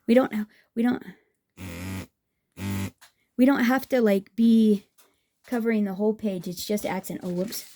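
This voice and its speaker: A woman's voice: a little high, measured pace, pauses often, warm tone. A woman chatting casually through a craft tutorial, enthusiastic and thinking aloud as she works. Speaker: craft vlogger.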